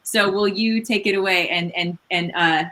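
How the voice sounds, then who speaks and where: A woman's voice: medium pitch, fairly even intonation, moderate pace, pushed and bright. A woman hosting a casual live book talk, effusive and encouraging, with many restarts and fillers. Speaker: author and host of book event.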